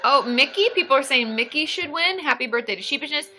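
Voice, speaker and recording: Woman, livestream host, bubbly, excitable, bright tone, lively pitch. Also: fast talker, a little hiss or hum. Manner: bubbly and excitable, cheering and giggling often. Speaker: therapist hosting a live stream. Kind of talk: casual livestream chat reading viewer comments.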